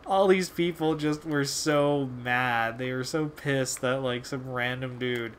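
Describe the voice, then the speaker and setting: A man's voice: medium pitch, takes it slowly, hardly any pauses, slight background noise. A young man hosting a video, telling a casual story in a rambling, laid-back way with lots of fillers and swearing. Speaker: video host.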